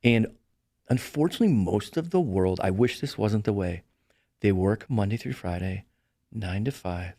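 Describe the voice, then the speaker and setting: Telling stories as a podcast guest, a middle-aged real estate broker animatedly acts out the people he quotes in a casual chat. His fairly low voice moves at a moderate pace, with no echo.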